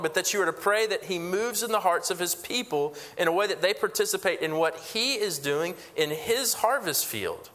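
A male pastor delivers a sermon in a bright, forceful voice. He is earnest and emphatic, hammering points home by repeating phrases, with frequent restarts. His voice sits a little higher than most men's. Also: in a large hall.

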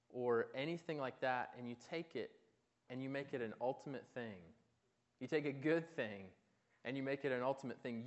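A man preaching a sermon in a conversational way, asking his listeners questions and often restarting his words. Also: medium pitch. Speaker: pastor.

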